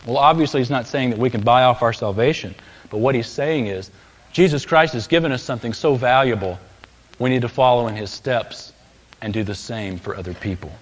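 A man's voice: medium pitch, fairly quick. A man preaching a sermon, telling a story and then building to emphatic, raised peaks on key phrases. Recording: long hall reverb.

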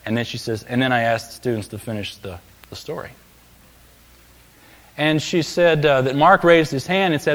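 A man's voice: mid-range voice, lively intonation, moderate pace, long pauses. A man preaching a sermon, telling a story and then building to emphatic, raised peaks on key phrases. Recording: long hall reverb.

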